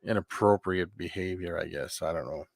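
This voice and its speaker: A man's voice: sits low, normal speed, no room sound, studio quality. A man hosting a casual live-stream chat, rambling and talking to his viewers. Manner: rambling, keeps clearing his throat. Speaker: host of a live hangout stream.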